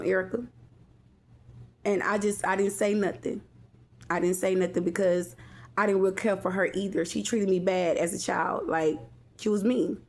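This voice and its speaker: A woman's voice: medium pitch, a little mellow. Rambling woman telling a personal story. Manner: rambling, with frequent restarts and asides to viewers. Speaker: vlogger.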